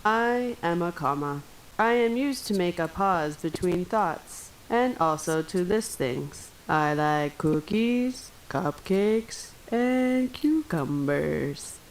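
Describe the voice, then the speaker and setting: A woman plays a cheerful cartoon comma from a children's video, speaking in a lowish voice. She lists things in an unhurried, sing-song rhythm, with a faint hiss behind her. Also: expressive. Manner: slow, sing-song listing.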